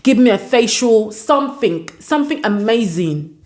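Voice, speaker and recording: A woman's voice: fairly high pitch, animated, moderate pace, a little mellow, lightly acted. A woman voicing a demanding young woman who insists on being shown appreciation with gifts.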